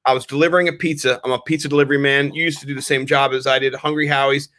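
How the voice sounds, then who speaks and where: A man in his thirties co-hosting a podcast, telling rambling, animated stories in casual chat with some swearing. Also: mid-range voice, very fast. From Maryland, US. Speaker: podcast co-host.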